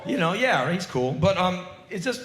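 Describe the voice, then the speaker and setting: An American man in his forties rants on stage in a fast, profane, intense torrent, his voice pitched a touch high. It rings through a big theater hall, with the room clearly audible around him. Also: sing-song, a crowd in the background. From United States. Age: 40s. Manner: intense profane rapid-fire rant. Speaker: spoken word performer. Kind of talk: live spoken word monologue. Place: large theater stage, live audience. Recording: roomy live theater recording.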